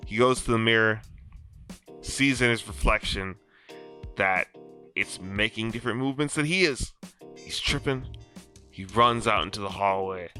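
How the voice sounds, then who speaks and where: A man hosting a podcast, giving an animated, slangy recap of a TV episode in casual chat. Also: lowish voice. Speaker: podcast host.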